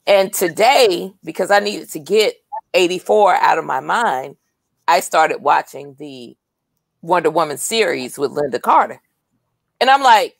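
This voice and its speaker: A woman with a mid-range voice speaks in a measured, knowing way in casual movie chat, teasing her co-host now and then. The sound is dry and close, with no room echo. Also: on the low side, animated, gravelly. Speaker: podcast co-host. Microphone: video call.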